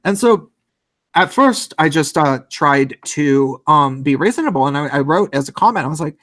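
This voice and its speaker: A man with a slightly high voice tells a long, rambling story in casual podcast talk. He leans on many fillers and throws in swearing as he goes. The sound is dry and close-miked. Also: animated, moderate pace, a bit bright, no echo.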